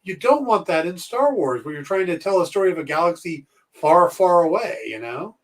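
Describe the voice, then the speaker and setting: Male podcast co-host, casual and opinionated, higher-pitched, slightly distant from the mic. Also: animated, moderate pace. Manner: chatty, opinionated, rambling with fillers. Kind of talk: casual chat.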